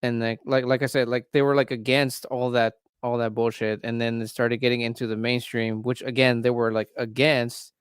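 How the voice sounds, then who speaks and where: Male livestream host, casual rambler, smooth resonant tone, dry close sound. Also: mid-range voice, little pitch movement, normal speed, hardly any pauses, no echo. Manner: rambling, heavy on "like" fillers. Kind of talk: casual chat.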